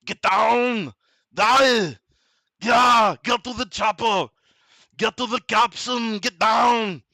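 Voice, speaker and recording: A man's voice: extremely high pitch, slow pace, vocal fry, pushed and bright, no room sound, clean studio sound, voice pushed up, exaggerated voice. A man doing an impression of a musclebound male action hero, barking clipped commands. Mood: commanding.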